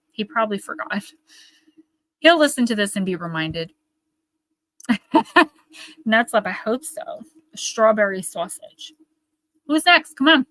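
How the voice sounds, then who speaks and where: A woman's voice: medium pitch, fairly bright tone, no room sound. A woman with a Northern New Jersey accent, chatting and rambling to her viewers as she hosts a live oracle card reading.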